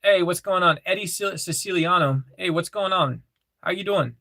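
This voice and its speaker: A man's voice: high voice, moderate pace, creaky, sharp tone, dry recording. A man casually chatting on a livestream, reading chat messages aloud and repeating phrases, with lots of fillers.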